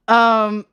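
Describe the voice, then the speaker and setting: Chatty young woman streamer, slightly high voice. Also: fairly bright tone, clean tone. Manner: rambling, chatty, with frequent laughter and "like" fillers. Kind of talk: casual storytelling chat.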